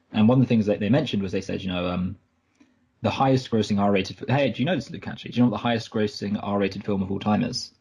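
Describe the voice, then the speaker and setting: A lowish, darkish, husky male voice comes through a muffled recording, talking very fast. He is a film podcast co-host who rambles casually through stories and keeps correcting himself.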